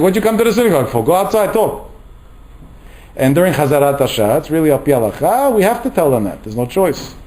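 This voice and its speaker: Man, middle-aged, rabbi, storytelling sermon, warm low timbre, average pitch. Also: rough recording. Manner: animated, acts out quoted voices. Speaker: rabbi lecturer. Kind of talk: Torah lecture with storytelling.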